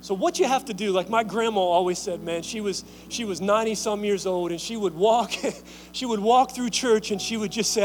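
A man preaching a sermon as pastor, telling a story and urging the congregation, moving from loud calls to hushed, near-whispered lines. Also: high voice, normal speed, hardly any pauses, slight background noise, poor audio.

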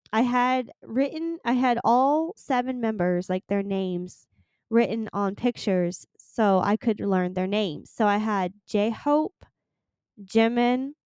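Smooth-voiced woman rambling on a podcast. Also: medium pitch, darkish tone, no room sound, studio quality. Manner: gushing, rambling, swears casually. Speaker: podcast host. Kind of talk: casual solo podcast chat.

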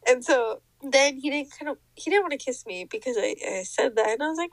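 A young woman co-hosting a podcast, telling a story in casual chat. She is animated, laughs often and mimics the people in it. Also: high voice, normal speed, dry recording, low-quality recording. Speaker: podcast co-host.

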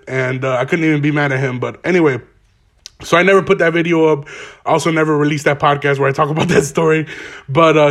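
A young man hosting a casual solo podcast from home, rambling in profane slang while stoned and smoking. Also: a little high. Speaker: podcast host. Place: home, garage.

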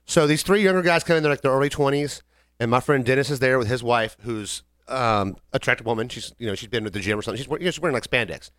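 A man's voice: medium pitch, quick pace, dry recording, clean studio sound. Man telling rambling bar stories. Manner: rambling, animated storytelling with acted quotes. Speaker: podcast co-host. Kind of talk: casual storytelling chat.

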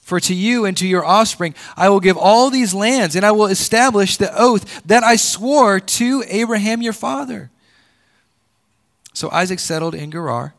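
Guy preaching a sermon, kinda high voice, gets loud then drops way down low. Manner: swings between loud emphatic peaks and low quiet drops; repeats words while building a point. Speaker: pastor.

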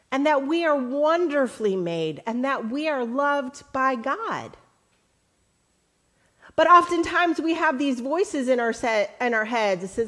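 A woman pastor preaching a sermon, reading scripture slowly and deliberately, then building to emphatic questions to her congregation. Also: high-pitched. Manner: earnest preaching, rising to lively emphatic questions; slow, deliberate quoting of scripture.

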